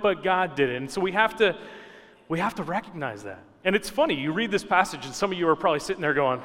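A man's voice: fairly high pitch, expressive, normal speed, fairly bright tone, in a large hall. A man preaching a conversational, teaching sermon, repeating key words for emphasis. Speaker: pastor.

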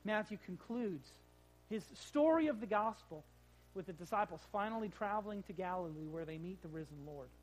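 A man's voice: high voice, expressive, fairly quick, rough recording. A man preaching a sermon as pastor, plain-spoken and conversational, full of rhetorical questions. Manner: plain-spoken, with casual fillers.

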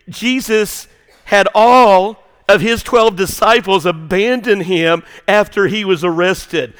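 A male pastor with a high, bright voice preaches in a church. He drops to a near whisper in prayer, then builds to ringing shouts. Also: vocal fry, low-quality recording. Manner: dynamic, swings from hushed prayer to shouting. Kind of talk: sermon. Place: church sanctuary.

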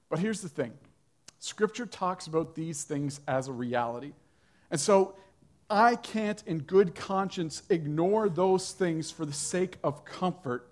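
A male pastor preaching a sermon to a church congregation, telling a story in a conversational way with light humor. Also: on the high side.

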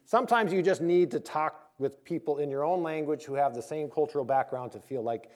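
A pastor with a fairly high, slightly fast, darkish voice preaches a conversational sermon. He tells a personal story and acts out quoted voices before reading scripture.

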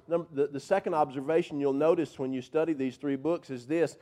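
A male pastor delivering a sermon, swinging from loud, drawn-out emphasis to soft, hushed passages. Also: mid-range voice. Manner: drawn-out, slowed words for emphasis.

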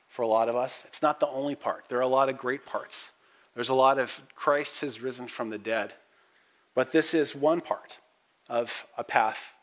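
A man's voice: mid-range voice, a bit bright. Earnest man preaching on a psalm. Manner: earnest, measured delivery with frequent "uh" pauses; raises voice when reading the psalm's cries. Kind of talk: sermon.

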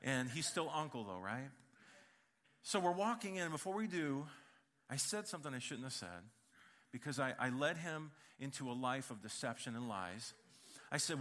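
A middle-aged man preaching a sermon, telling funny family stories in an animated, joking way. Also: medium pitch, normal speed. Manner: animated storytelling with humor. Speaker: pastor.

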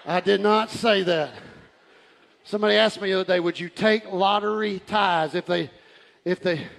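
A man preaching a fervent sermon. He often shouts and laughs as he preaches. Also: sits high, fairly even intonation, normal speed, creaky. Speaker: pastor. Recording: live church hall with reverb and faint crowd.

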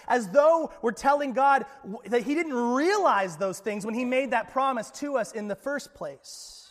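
A man's voice: high-pitched, animated, moderate pace, hardly any pauses, big-room sound. A man preaching a sermon as pastor, conversational and joking, often checking in with the congregation. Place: church.

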